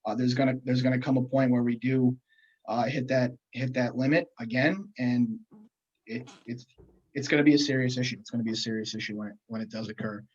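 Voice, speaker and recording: A man's voice: medium pitch, fairly even intonation, a little fast, darkish tone, muffled recording. A man co-hosting a casual economics podcast, speaking earnestly and hesitantly, with many restarts. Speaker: podcast co-host.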